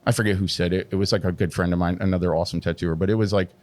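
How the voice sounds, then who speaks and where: A middle-aged man, a tattoo artist guest, telling his story candidly and animatedly, full of swearing and "like" fillers. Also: rapid-fire. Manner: heavy swearing, constant "like" fillers; animated, pitch jumps when emphatic.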